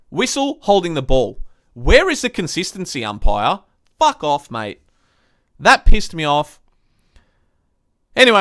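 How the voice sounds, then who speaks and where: A man's voice: on the high side, fairly bright tone, no room sound, clean studio sound. A young man hosting a live-stream football review, venting frustration with swearing as he recaps the game like a fed-up fan. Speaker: sports review host.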